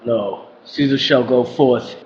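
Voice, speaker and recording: A man's voice: medium pitch, slow, natural voice. A man playing a proud commanding Roman ruler. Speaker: actor playing Caesar. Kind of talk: amateur audio drama. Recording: dull lo-fi with faint noise.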